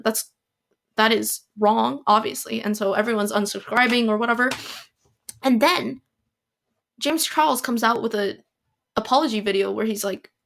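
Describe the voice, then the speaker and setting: A woman hosting a casual solo podcast, rambling with lots of fillers and restarts and dropping sarcastic asides. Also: fairly high pitch. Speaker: podcast host.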